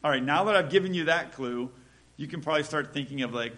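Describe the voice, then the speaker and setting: A man preaching a casual sermon, reading scripture slowly and acting out small everyday dialogues in a conversational way. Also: a little high, fairly bright tone. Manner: conversational, acts out little dialogues, slows for scripture.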